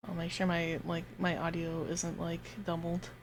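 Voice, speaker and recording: A woman streaming a game live, chatting casually to her viewers, giggling and swearing as she gets excited. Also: lowish voice, moderate pace, a little hiss or hum.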